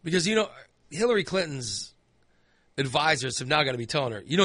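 A man hosts a talk show, firing off opinions in a sarcastic, exasperated rant. His voice is forceful and bright, sitting somewhat high for a man. It is recorded dry and close on a studio microphone, with no room sound. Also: sing-song, a little fast, dry recording.

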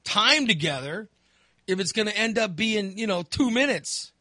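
A man's voice: high-pitched, expressive, moderate pace, bright, forceful tone, no room sound, studio quality. A middle-aged man hosting a podcast, ranting in casual chat with plenty of profanity and exasperation. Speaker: podcast host.

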